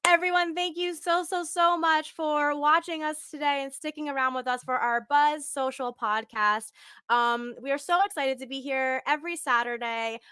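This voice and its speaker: A woman's voice: high voice, steady tone, normal speed, pushed and bright, no echo. A young woman hosting a live video podcast interview, bubbly and gushing, laughing often. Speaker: podcast host and acting coach. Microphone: video call.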